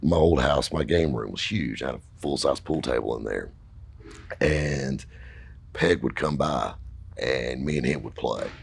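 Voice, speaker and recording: A man's voice: extremely low pitch, unhurried, gravelly, a little hiss or hum. A middle-aged man telling a long story casually, rambling and folksy, with lots of fillers. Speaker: podcast host telling a story.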